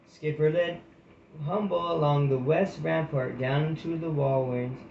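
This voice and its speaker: A man's voice: a little high, steady tone, measured pace, vocal fry, darkish tone, reverberant, lo-fi sound, a little hiss or hum. Man reading a storybook aloud. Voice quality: reads with restarts and slips. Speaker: audiobook reader. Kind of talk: storybook narration.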